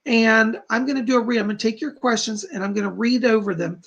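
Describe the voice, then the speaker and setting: A man's voice: high-pitched, fairly even intonation, fast, fairly bright tone, highs cut off. A middle-aged man hosting a psychic live stream from home, chatting casually and reading out viewer comments. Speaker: psychic livestream host.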